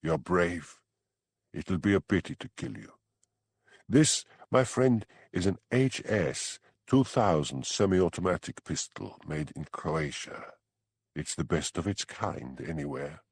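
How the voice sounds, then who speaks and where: A man's voice: low-pitched, expressive, slow, slightly rough, dry recording, heavily acted. A man voicing a cold German gunman with a German accent, giving curt, contemptuous orders. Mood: menacing.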